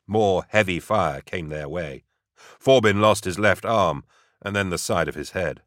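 A man narrating an audiobook in a steady, dramatic way. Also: low-pitched, measured pace, no echo, clean studio sound.

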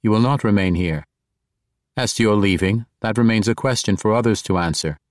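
A man voicing a suspicious male dark elf who speaks tersely and gives commands. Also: fairly low pitch, fairly quick, no room sound, studio quality, close to an everyday voice. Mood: wary curt.

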